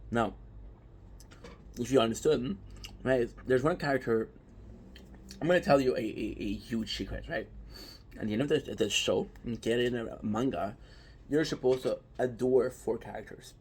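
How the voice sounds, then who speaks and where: A man's voice: medium pitch, slight background noise. A man chatting casually and emphatically to viewers, often throwing in rhetorical questions. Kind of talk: casual anime talk to viewers.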